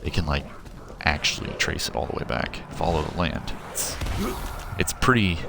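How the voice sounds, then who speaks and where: A man's voice: extremely low pitch, expressive, normal speed, vocal fry, background noise. A man in his thirties from Missouri, streaming a video game at home at night and chatting loosely with his viewers, rambling and correcting himself as he goes. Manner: rambling, chatty, answers chat messages aloud, self-correcting. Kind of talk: casual live-stream chat while gaming. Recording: game music and gunfire under voice.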